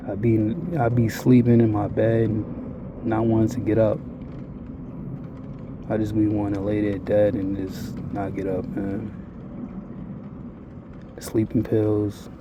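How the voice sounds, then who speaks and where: A man's voice: lowish voice, completely flat delivery, slow pace, long pauses, background noise. A man telling a blunt, profane, rambling confessional monologue to his viewers. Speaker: vlogger.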